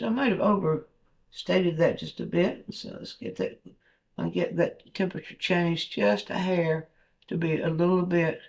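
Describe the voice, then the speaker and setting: A man's voice: a little high, vocal fry. A man, a painting instructor, talking through a demonstration as he paints, thinking aloud with fillers and restarts.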